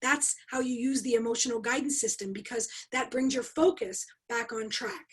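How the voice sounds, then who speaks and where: A middle-aged woman with a high, slightly husky voice teaches over a video call. She talks in an emphatic, animated way, firing rhetorical questions at her webinar audience. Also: moderate pace, rough recording. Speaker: leadership coach and trainer.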